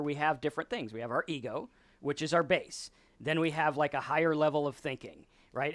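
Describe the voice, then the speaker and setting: A man's voice: a little high, fairly bright tone, dry recording. A man hosting a sobriety talk, explaining ideas at a whiteboard in a casual, conversational lecture style and acting out quoted voices. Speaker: podcast host.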